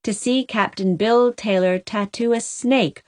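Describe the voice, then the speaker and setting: A woman's voice: on the high side, a little slow, dry recording. Woman reading a storybook, dry sound. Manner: steady, expressive reading. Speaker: audiobook narrator. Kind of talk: scripted storybook narration.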